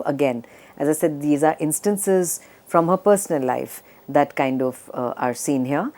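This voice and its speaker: A low-pitched woman lecturing on poetry in a measured academic way. She pauses often with small fillers and slows down to read lines of verse aloud. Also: darkish tone. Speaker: literature professor.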